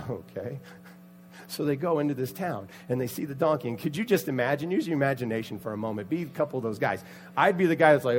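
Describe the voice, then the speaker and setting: A man preaching a sermon, telling a Bible story with lively acted-out voices and sudden loud outbursts. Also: mid-range voice, fairly quick, slight background noise. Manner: animated, acts out the characters' voices with loud outbursts. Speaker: pastor.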